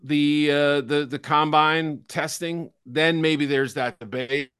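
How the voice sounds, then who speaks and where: A man's voice: fairly high pitch, steady tone, slow pace, a bit bright, smooth, no echo, studio quality. A middle-aged man co-hosting a casual football draft talk, chatty and hedging, with a self-deprecating streak. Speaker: football draft analyst co-host.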